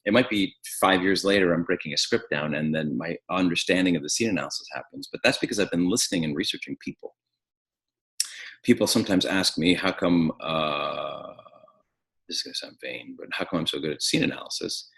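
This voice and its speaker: A man teaching an acting webinar, animated, with frequent restarts and fillers. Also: low-pitched, a little fast, low-quality recording. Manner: animated, restarts and stacked fillers, drops to quiet reflection. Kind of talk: webinar lecture.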